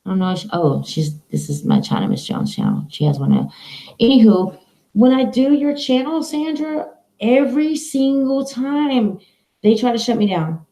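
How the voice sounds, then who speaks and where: A woman's voice: a little high, wildly swooping pitch, moderate pace, dark tone, low-quality recording. A woman streaming live from home, chatting in a rambling, casual way to her viewers and her dog.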